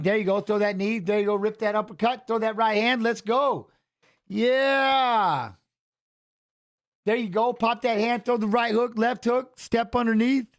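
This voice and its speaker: A fairly high-voiced, middle-aged man, a former fighter hosting a watch-along, chats casually over a live fight stream. He laughs often and stumbles over his words, then shifts into rapid, excited coaching calls like a corner man giving fight commentary.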